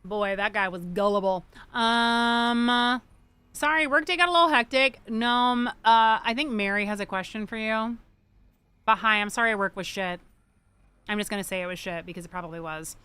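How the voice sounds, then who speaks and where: A woman's voice: on the high side, moderate pace, bright, forceful tone, clean tone. A young adult woman livestreaming a game, chatting casually in a rambling, joking way and swearing freely. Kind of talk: casual chat while gaming.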